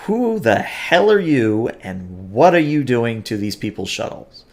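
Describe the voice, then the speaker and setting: A man's voice: mid-range voice, a little slow, fairly bright tone. A man voicing an indignant alien woman leader who demands answers and stammers when shaken. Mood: demanding. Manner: demanding, then stammering in disbelief.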